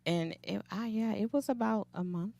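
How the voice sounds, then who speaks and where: A woman's voice: mid-range voice, moderate pace, gravelly, warm tone, no echo. A woman with a New Orleans accent, chatting casually on a panel and telling a story with frequent laughter. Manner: laughs often, tells stories animatedly. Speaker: guest panelist, podcaster.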